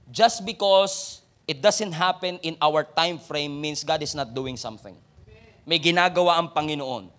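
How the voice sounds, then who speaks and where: A man's voice: a little high, a bit bright. A man with a Filipino accent preaching a sermon, talking conversationally and often turning to his listeners with questions and calls to action.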